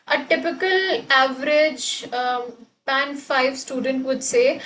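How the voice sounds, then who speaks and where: A woman's voice: sits high, steady tone, measured pace, a bit bright, distant mic, poor audio. A woman tutor giving a live online English speaking lesson, explaining at length with fillers and restarts. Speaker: IELTS tutor.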